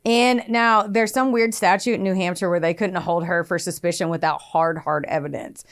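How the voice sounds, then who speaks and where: A woman's voice: on the low side, fairly even intonation, normal speed. A young adult woman co-hosting a podcast, telling a true crime story in casual chat, acting out quotes in raised voices and swearing freely.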